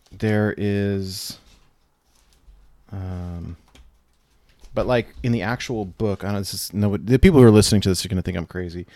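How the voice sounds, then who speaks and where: A man's voice: fairly low pitch, a little mellow, no room sound. A man co-hosting a casual show, talking enthusiastically and rambling with fillers. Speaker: co-host. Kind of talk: casual chat.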